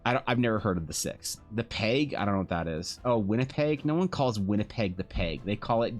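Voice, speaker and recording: Canadian male streamer, deeper register, loose sarcastic riffing, light background music. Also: expressive, fairly quick, few pauses. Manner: rambling, sardonic, profane. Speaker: streamer and artist. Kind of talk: casual stream chat.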